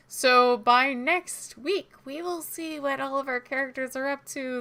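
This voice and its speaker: A woman's voice: mid-range voice, pushed and bright, smooth. A woman running a tabletop role-playing game as game master, narrating and summing up scenes with frequent fillers. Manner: brisk, wrapping up scenes, filler-heavy.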